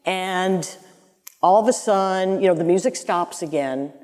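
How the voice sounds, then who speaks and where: A woman's voice: lowish voice, measured pace. A woman in her sixties, a former album art director, telling stories in an interview and acting out the voices of people in them. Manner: animated storyteller who acts out voices in her anecdotes. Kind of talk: conversational interview storytelling. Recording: long hall reverb.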